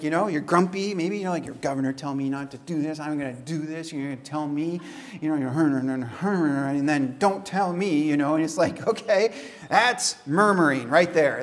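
A man as pastor, preaching a casual, conversational sermon with chatty asides and quick laughs. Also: a little high.

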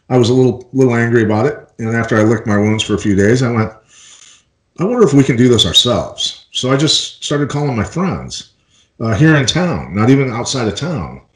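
A middle-aged man from Iowa, a former fighter and interview guest, telling his story in a relaxed, rambling way with many fillers and restarts. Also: medium pitch, brisk, reverberant, poor audio. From Iowa, United States.

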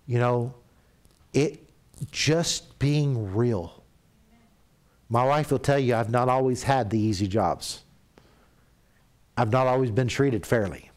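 A middle-aged man preaching a sermon in a church, telling stories and acting out quoted voices, at times dropping to a soft, confessional tone. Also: medium pitch, unhurried, pauses often.

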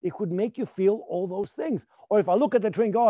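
Brief: male acting teacher, high mellow voice, insistent, dull dry recording. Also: a little fast, hardly any pauses, husky, no echo. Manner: emphatic, repeats points, drops to near whispers to demonstrate. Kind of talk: live acting class.

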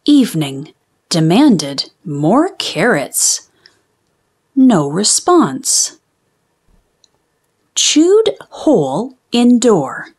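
A woman's voice: medium pitch, husky, full character voice. A woman reading as a sleepy, bossy wombat. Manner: deadpan diary entries, sleepy words whispered. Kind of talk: children's storybook reading.

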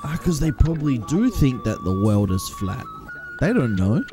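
A man's voice: mid-range voice, wildly swooping pitch, moderate pace, music in the background. A man with an Australian accent giving casual, chatty reaction commentary while watching a movie. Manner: chatty, exclamatory.

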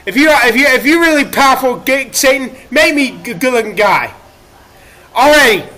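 A man ranting on a livestream in a profane, erratic, self-pitying way, breaking into shouts at times, recorded in a laundromat. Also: extremely high pitch, animated, normal speed.

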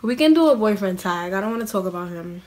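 A woman's voice: mid-range voice, animated, quick pace, darkish tone. Chatty young New woman. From New York City. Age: young adult. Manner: chatty and self-mocking, many "like" fillers. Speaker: vlogger. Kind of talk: casual Q&A vlog.

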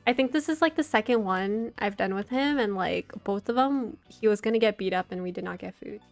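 A woman's voice: medium pitch, brisk, creaky, soft background music. A young woman streaming a game, chatting playfully and crudely, often laughing at her own jokes. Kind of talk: casual gaming commentary.

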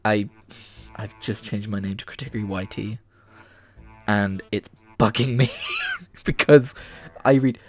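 A man's voice: medium pitch, measured pace, creaky. A man giving casual, wry commentary over a game playthrough, often swearing and joking. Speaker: gaming video creator.

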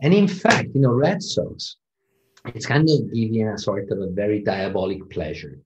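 Low-voiced man telling relaxed anecdotes. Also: moderate pace, highs cut off, a little hiss or hum. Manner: anecdotal, reflective, self-deprecating. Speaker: interviewee. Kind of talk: casual interview conversation.

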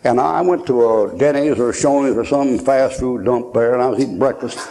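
A man's voice: mid-range voice, moderate pace, warm tone. A man in his sixties preaching a folksy sermon at a conference, joking and laughing as he tells stories.

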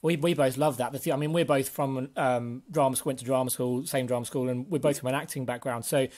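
A man co-hosting a comedy podcast, speaking haltingly over a video call. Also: medium pitch, fairly even intonation, a little mellow. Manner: hesitant, halting restarts. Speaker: podcast co-host. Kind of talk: casual chat.

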